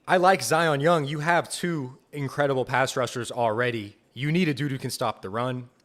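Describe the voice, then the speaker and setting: Young dude hosting a live fan stream, hyped and chatty, says stuff twice. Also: male voice, mid-range voice, moderate pace. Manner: excited, enthusiastic, repeats himself. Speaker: podcast host. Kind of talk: live fan reaction commentary.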